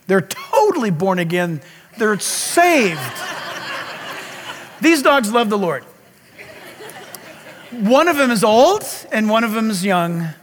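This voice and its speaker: A man preaching a sermon as pastor, telling stories in an animated way and breaking into loud calls. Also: sits high, slow, pauses often, big-room sound, a little hiss or hum.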